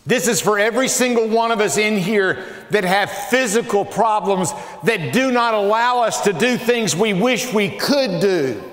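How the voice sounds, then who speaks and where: A man preaching a sermon as pastor, swinging from loud outbursts to hushed, low phrases. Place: large church sanctuary. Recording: echoey church hall with long reverb.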